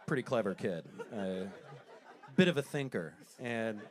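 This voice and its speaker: A man telling stories in a stand-up comedy set, self-deprecating, with quick asides. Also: on the low side, lively intonation.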